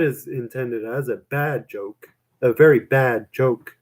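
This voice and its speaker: A man's voice: medium pitch, animated, measured pace, darkish tone, rough recording. Rambling young man chatting casually. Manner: rambling, self-mocking, full of "man" and "dude". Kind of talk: casual chat reacting to chat.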